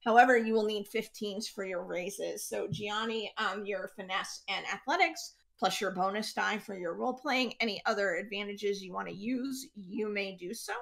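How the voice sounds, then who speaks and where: A woman's voice: medium pitch, moderate pace, vocal fry, hardly any pauses, fairly bright tone. A woman serving as game master in a tabletop role-playing game, explaining rules and scenes in a loose, chatty way full of fillers.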